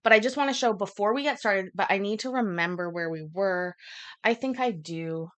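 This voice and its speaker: A woman's voice: medium pitch, normal speed, fairly bright tone, smooth. A woman hosting a casual livestream, chatting in a rambling way with frequent fillers. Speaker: livestream host.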